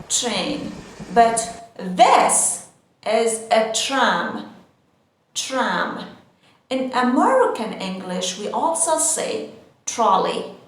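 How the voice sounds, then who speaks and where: A woman teaching English vocabulary, saying each word carefully and then repeating it. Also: on the high side. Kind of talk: vocabulary lesson for learners. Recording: very echoey room.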